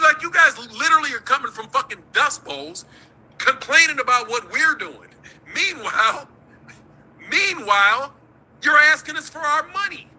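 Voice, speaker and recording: A man's voice: very high voice, bright, forceful tone, rough recording. A middle-aged man, hosting a boxing talk stream in a profane, combative rant. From United States. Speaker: boxing talk show host. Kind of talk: livestream rant.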